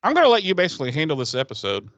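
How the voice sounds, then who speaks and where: Lively, bright-voiced joking male podcaster. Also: fairly high pitch, very fast, dry recording, muffled recording. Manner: jokey and profane, with lots of likes and acted-out quotes. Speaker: podcast co-host. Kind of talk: casual banter.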